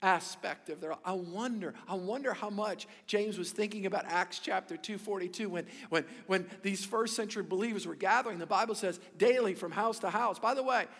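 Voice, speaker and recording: A pastor preaches a sermon in a high voice, swinging between loud emphasis and quiet, intimate asides. His words ring out with a long reverb through the church. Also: fairly quick, few pauses.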